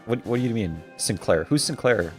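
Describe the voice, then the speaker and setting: A man's voice: on the low side, animated, normal speed, faint music behind. Stuttering jokey male streamer. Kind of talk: casual chat while playing.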